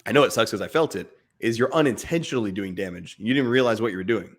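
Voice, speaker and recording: An earnest man in his thirties, his voice sitting a little low. He talks through fatherhood in a relaxed conversation, speaking in bursts as he pushes a point. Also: fast talker, breathy edge. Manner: earnest, speaks in bursts, imitates barking dad voice. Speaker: podcast co-host. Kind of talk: casual chat.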